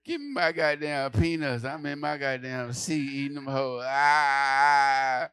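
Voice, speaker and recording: A man doing a stand-up comedy set, telling a story loudly and acting out the people in it, with lots of swearing. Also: medium pitch, slow, clear, resonant tone, dry recording, studio quality. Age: adult. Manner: loud animated storytelling, acting out characters, profane.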